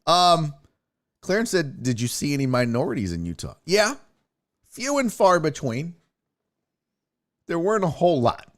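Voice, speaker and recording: A young man tells stories from his trip in a loose, casual way, swearing freely and acting out the people in them. His voice sits a little high and swings widely up and down as he talks. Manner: profane, animated, acts out quotes. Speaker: podcast host. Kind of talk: casual storytelling.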